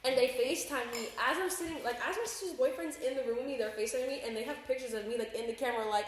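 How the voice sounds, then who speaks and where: A young woman tells her story fast and loose, full of casual slang, as a podcast co-host. The very echoey room rings around her voice, with faint noise behind. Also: a little high, distant mic.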